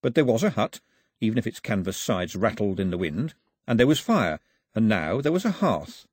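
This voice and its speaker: A man narrating an audiobook as a lively storyteller, in a husky voice, recorded on a close studio mic. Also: fairly low pitch, moderate pace, no echo. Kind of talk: scripted narration.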